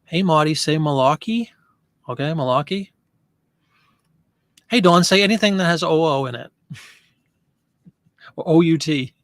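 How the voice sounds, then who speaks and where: Man hosting a live stream, chatty, slightly high voice, gravelly, dry close sound. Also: normal speed, long pauses, no echo. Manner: chatty, reads and answers viewer comments. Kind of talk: casual live-stream chat.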